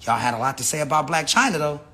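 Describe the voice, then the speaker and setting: Telling his side of a story, a man rants unscripted to his viewers, profane and rambling and frequently restarting sentences; he says he is high. His voice is on the high side, fast and lively, with crowd noise behind him.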